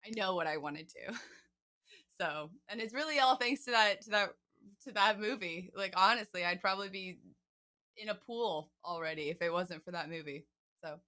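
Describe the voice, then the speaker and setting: Guest singer, woman in her twenties, bright voice, chatty and heartfelt. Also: medium pitch, normal speed. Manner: chatty, emotional storytelling with quoted asides. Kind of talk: casual interview.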